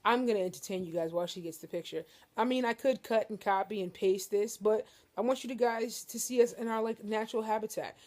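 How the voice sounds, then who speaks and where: A woman's voice: mid-range voice, a little fast, few pauses, darkish tone. A young woman vlogging casually from her living room couch, joking and talking straight to her viewers. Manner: joking, playful, addresses viewers as y'all. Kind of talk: casual chat to camera.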